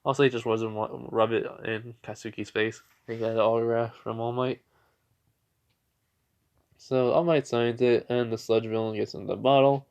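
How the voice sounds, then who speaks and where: A man's voice: medium pitch, level tone, moderate pace, gravelly, a little mellow, clear, resonant tone. A young man casually telling a fan fiction story, rambling with fillers and restarts.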